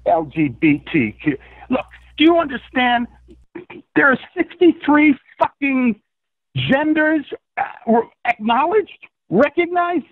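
A man being interviewed over the phone about his low-budget film, telling stories in an animated, excitable, profane way. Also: slow, dry recording. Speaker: filmmaker guest. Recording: tinny dry phone line.

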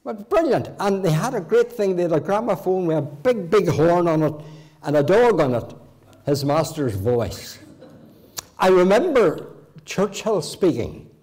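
A guest preacher in his eighties from Northern Ireland delivers a folksy storytelling sermon in a church, speaking in a high-pitched, very animated yet unhurried voice with a darkish tone. He weaves homely childhood anecdotes into his preaching and occasionally restarts a line.

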